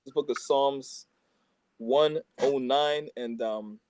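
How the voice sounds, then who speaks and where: A man in a casual religious discussion who reads scripture aloud, starting in a halting way with many ums before moving on to his own comments. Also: mid-range voice, darkish tone. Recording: noisy recording with clicks.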